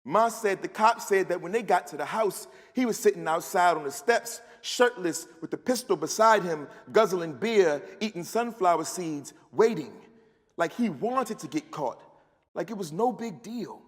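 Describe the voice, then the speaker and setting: High-voiced man reading fiction aloud. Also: lively intonation, normal speed. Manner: rhythmic, storytelling delivery. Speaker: author reading his own work. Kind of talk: live reading of first-person fiction. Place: large festival hall. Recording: long hall reverb.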